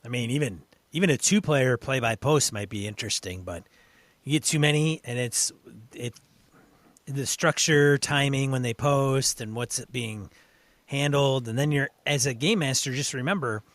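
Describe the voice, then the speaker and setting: Regular-voiced guy on a gaming podcast, kinda wry, thinking out loud, dry room. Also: medium pitch, normal speed, dry recording. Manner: thinks aloud with restarts, wry. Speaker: podcast co-host. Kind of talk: casual gaming chat.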